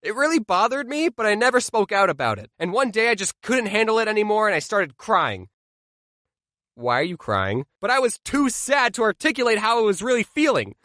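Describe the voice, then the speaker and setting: Animated, sarcastic young man. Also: high voice, brisk, few pauses, no room sound, studio quality. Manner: animated, sarcastic, deadpan asides. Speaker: vlogger. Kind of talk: comedic storytime monologue.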